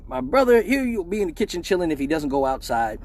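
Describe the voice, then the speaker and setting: A man's voice: on the high side, sing-song, brisk, darkish tone. A man telling a raunchy comic story on a live stream, profane and laughing often.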